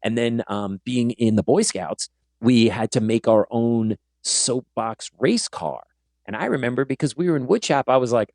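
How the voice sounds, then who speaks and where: Lively gravelly-voiced male podcast host. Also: medium pitch, brisk, no room sound, clean studio sound. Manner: animated storyteller, acts out quotes. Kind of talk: casual interview chat.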